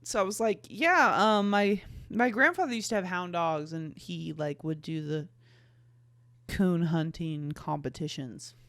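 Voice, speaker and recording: A woman's voice: sits low, unhurried, dry recording. A young woman hosting a podcast, reading her old fan fiction aloud and mocking it with sarcastic, giggly asides and plenty of swearing. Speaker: podcast host. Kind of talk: casual reading and commentary.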